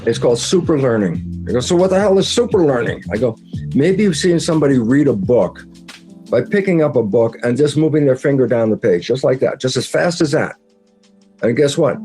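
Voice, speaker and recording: A man explains ideas at a medium pitch, jumping into lively acted-out quotes of his own conversations. Faint music plays underneath him. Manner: animated, acts out his own quoted dialogue. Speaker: interview guest.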